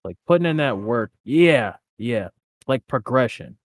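A man's voice: mid-range voice, expressive, unhurried, no echo, clean studio sound. A young man in casual chat, laid-back and slangy, leaning on filler words.

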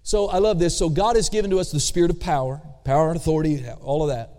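A pastor delivers a sermon in a church sanctuary, his voice slightly high, steady and dark. He draws out key words slowly and calls for responses from the congregation. The recording carries a long church reverb.

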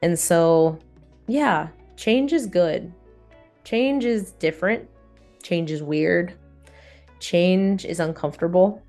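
A woman's voice: lowish voice, slow pace, pauses often, darkish tone, faint music behind. A young adult woman hosting a solo podcast, talking earnestly and candidly, repeating reassuring phrases. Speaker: podcast host. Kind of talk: reflective solo podcast talk.

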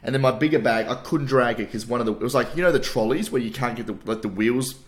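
An Australian man co-hosting a podcast, telling animated stories in casual chat, swearing and calling his co-host mate. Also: medium pitch, fast. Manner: animated storytelling, swears, says mate a lot.

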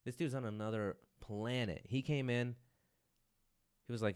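A man's voice: mid-range voice, steady tone, moderate pace, smooth. A man hosting his own podcast, talking in a rambling, self-mocking way, swearing often and saying "dude" a lot. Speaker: podcast host. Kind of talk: casual solo podcast monologue.

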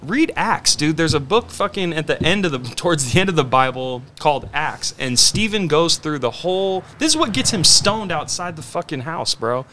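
A man co-hosting a podcast in casual chat, animated and profane, acting out quotes as he talks. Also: a little high, moderate pace, hardly any pauses, a little hiss or hum. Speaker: podcast co-host.

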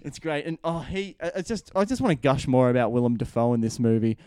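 A man chats loosely about a film, gushing and rambling, his speech full of "like" and the odd curse. His voice is smooth and clear, recorded close in a dry room with no echo. He sits at a middling pitch. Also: fast talker, warm tone. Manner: rambling, enthusiastic, full of "like" fillers and swearing. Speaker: film reviewer. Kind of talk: casual film review chat.

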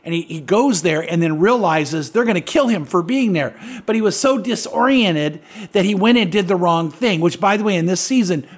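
Middle-aged male pastor, earnest storyteller, speaks on the high side. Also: expressive, normal speed, hardly any pauses. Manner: storytelling, earnest, leading questions. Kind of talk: conversational preaching.

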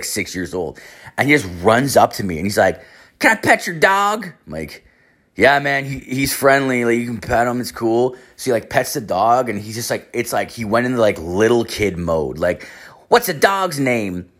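Rambling, swearing young man telling a story. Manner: rambling, swears a lot, fills with "like"; acts out quoted voices in a high pitch. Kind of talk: casual storytelling monologue.

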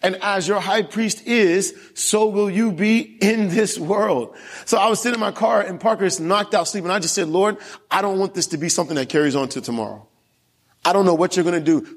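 A man's voice: fairly high pitch, long reverb tail. A young man preaching a sermon, telling a family story and asking the congregation questions. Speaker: pastor. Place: church.

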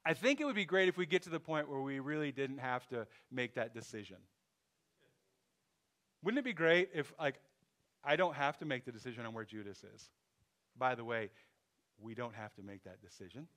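A man's voice: medium pitch, expressive, normal speed, long pauses, fairly bright tone. A man preaching a sermon in a loose, conversational way, thinking aloud with restarts and asides. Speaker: pastor.

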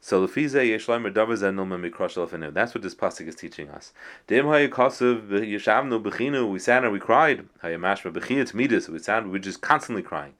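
A man with a somewhat low voice delivers a Torah lecture. He quotes Hebrew texts and explains them in English, pausing now and then on uh and um. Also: animated, fairly bright tone. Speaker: Torah teacher.

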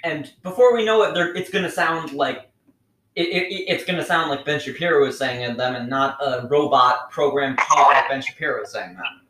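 A man's voice: mid-range voice, normal speed, a bit bright. A man hosting a podcast, asking questions hesitantly and stammering now and then. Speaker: podcast host. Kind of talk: casual podcast interview. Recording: echoey room with faint noise.

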